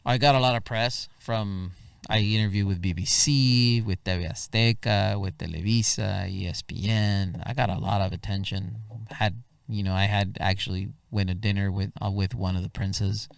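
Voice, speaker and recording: A man who is a singer-songwriter, a guest telling lively anecdotes in a casual interview and peppering them with "bro". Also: lowish voice, normal speed, gravelly, smooth, no echo. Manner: animated anecdotes, keeps saying "bro". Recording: dry voice, far from the mic.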